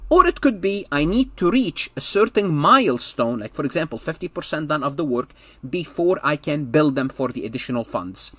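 Husky, lively-pitched male accounting lecturer. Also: normal speed, no echo. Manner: explains step by step, repeats key points, frequent restarts. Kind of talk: recorded lecture.

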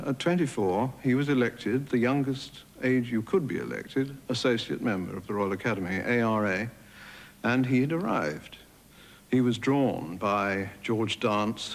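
A man's voice: medium pitch, big-room sound, rough recording. A man recounting an artist's early life in anecdotal style, with small restarts, for a documentary. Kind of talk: documentary storytelling.

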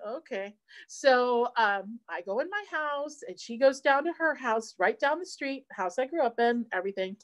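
A middle-aged woman, an insurance advisor giving a seminar talk and telling a family story in a chatty way. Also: a little high. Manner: chatty storyteller, quotes family in lively voices.

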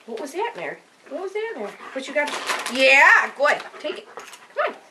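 A woman's voice: high-pitched, sing-song, moderate pace, crowd noise. A woman talking to her dog in a coaxing, sing-song way while filming a home video indoors. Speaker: dog owner.

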